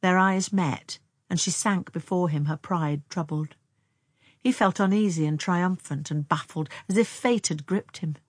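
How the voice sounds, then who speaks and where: A woman reading a novel aloud in measured, even narration. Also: fairly low pitch, breathy edge, dry recording. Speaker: audiobook reader.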